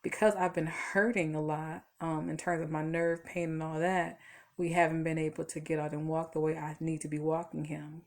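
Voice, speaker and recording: A tired woman vlogging casually from home, rambling through stories with lots of fillers. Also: sits low. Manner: chatty, rambling storytelling with fillers. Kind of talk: casual talk to camera.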